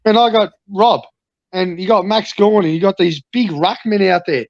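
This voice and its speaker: An Australian man rants as a podcast guest, swearing freely and mocking himself with fake boasts. His voice sits at a middling pitch. The audio is muffled and dry, with no room sound. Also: normal speed, no echo. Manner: swearing, ranting, mock-boastful. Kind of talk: ranting casual chat.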